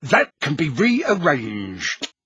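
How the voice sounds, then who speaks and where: A man's voice: a little high, huge pitch swings, very slow, pushed and bright, breathy edge, no echo, full character voice. A man voicing an officious talking portrait.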